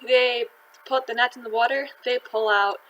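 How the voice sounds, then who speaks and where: A woman's voice: a little high, fairly even intonation, brisk, pushed and bright, dull audio, a little hiss or hum. A woman hosting and retelling a gospel reading in a chatty, slangy storytelling way. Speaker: host.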